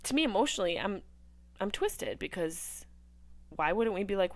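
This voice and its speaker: Woman, live-stream host, jokey rambling commentary, raspy edge, dry sound. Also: mid-range voice, very animated, normal speed, dry recording. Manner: crude, rambling, jokey, swings between loud outbursts and hushed asides. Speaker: comedian hosting a live movie watch-along. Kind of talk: casual riffing commentary over a film.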